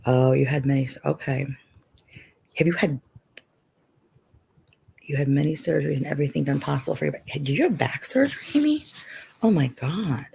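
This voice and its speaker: A woman's voice: sits low, expressive, normal speed, gravelly, pauses often, warm tone, slightly rough. A middle-aged woman hosting a live stream, chatting casually with viewers and often saying "you know".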